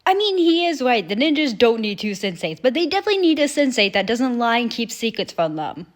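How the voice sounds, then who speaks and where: A woman's voice: on the high side, big pitch swings, brisk. A young woman hosting a reaction video, chatting animatedly and swearing casually. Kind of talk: casual chat.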